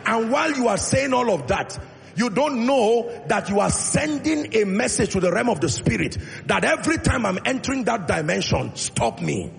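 A man's voice: high-pitched, big pitch swings, moderate pace, gravelly. A male pastor preaching a sermon with emphatic delivery, acting out Bible dialogue in his own voice. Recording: long reverb in a large hall, faint music.

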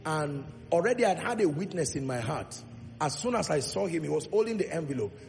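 A man preaching a sermon in a church, calling for congregation responses and swelling to loud, emphatic peaks, drawing out key words slowly. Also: a little high, very animated, gravelly. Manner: drawn-out, slow emphatic delivery on key points. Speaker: pastor. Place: large church hall. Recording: long hall reverb with faint music.

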